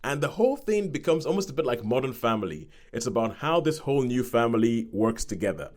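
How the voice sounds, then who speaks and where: A podcast host speaks with a mid-range, darkish voice, animated and a little fast. His casual review meanders, with frequent self-corrections and acted-out voices for those he quotes.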